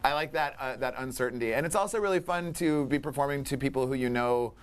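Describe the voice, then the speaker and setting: Canadian male musician guest, rapid and giggly, casual interview banter. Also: medium pitch, smooth. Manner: giggly, quick, lots of fillers. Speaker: band member guest.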